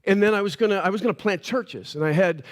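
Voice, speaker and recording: A man preaching a sermon as pastor, telling the story in a casual, animated way with playful voices for the characters. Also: high voice, fast talker. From Canada.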